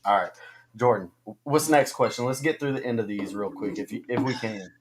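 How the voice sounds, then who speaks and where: A man co-hosting a casual fantasy football livestream, talking haltingly with many ums and restarts. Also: mid-range voice. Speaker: co-host of a fantasy football stream.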